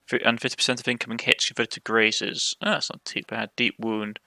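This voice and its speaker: A man's voice: medium pitch, steady tone, a little fast, creaky, pushed and bright, dry recording. A man with a Cornish accent playing a game, reading its text aloud and commenting as he goes, often stumbling and correcting himself. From Cornwall, England. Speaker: let's play host.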